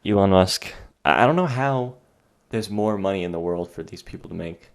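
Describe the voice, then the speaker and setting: A man's voice: low voice, lively intonation, normal speed, smooth. A young man hosting a solo podcast, rambling and sarcastic, exasperated, a bit out of breath. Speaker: podcast host.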